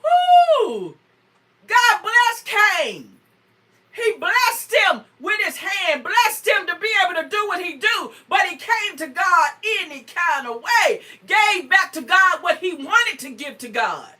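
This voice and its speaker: Woman preaching, real high bright voice, whoops and shouts, kinda far from the mic. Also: expressive, a little slow. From North Carolina. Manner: fervent preaching, frequent whoops and shouts, greets viewers by name. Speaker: preacher on a morning show. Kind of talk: sermon.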